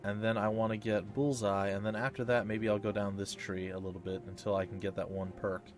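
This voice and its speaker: A man hosting a let's play, giving chatty, excitable gameplay commentary that reacts loudly to hits and misses. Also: fairly low pitch, fairly quick, faint music behind.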